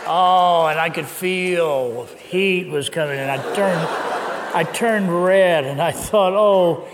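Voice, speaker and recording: Older male pastor with a slightly high voice who tells anecdotes with laughs, recorded with long church-hall reverb. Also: slow pace, noisy background. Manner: lively anecdotal telling, with laughs. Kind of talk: sermon storytelling.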